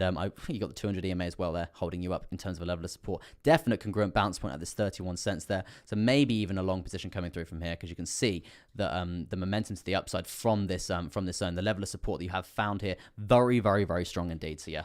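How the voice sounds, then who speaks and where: A young British man with a lowish voice hosts a live crypto stream. He talks through charts in a loose, rambling flow, leaning on fillers and repeated phrases, and his voice sounds a little strained from talking loudly. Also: quick pace, few pauses. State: slightly strained voice. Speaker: crypto livestream host. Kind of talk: live trading chart analysis.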